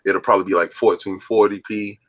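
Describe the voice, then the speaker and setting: A man's voice: on the low side, fairly even intonation, a little fast, fairly bright tone, dry recording. A man co-hosting a gaming podcast, rambling in a loose chat with lots of fillers and restarts. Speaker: podcast co-host.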